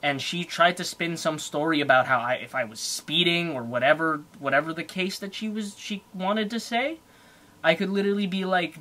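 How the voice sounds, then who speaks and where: A young man telling a story in a casual, heated rant, full of fillers. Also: on the high side. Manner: animated, heated, fast with fillers. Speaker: car vlogger.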